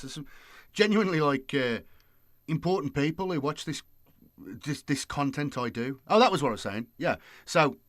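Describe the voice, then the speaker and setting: A man's voice: mid-range voice, fairly bright tone, no room sound, clean studio sound. A man hosting his channel, chatting casually and rambling with lots of fillers. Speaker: YouTube host. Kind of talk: casual late-night chat.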